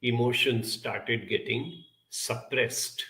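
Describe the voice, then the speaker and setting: A man gives a reflective talk, recounting a story from his childhood and voicing the people who appear in it. He speaks slowly in a bright, forceful mid-range voice.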